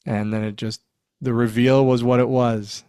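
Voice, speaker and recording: A man's voice: mid-range voice, moderate pace, clean tone, no echo, studio quality. A man in his forties, a former wrestler, telling backstage stories in a casual interview, acting out quotes and laughing often. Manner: animated storyteller, acts out quotes, laughs often.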